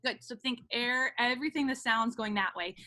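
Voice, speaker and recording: A woman's voice: fairly high pitch, normal speed, pushed and bright. A woman voice teacher running an online lesson over a video call, often demonstrating with sung meows.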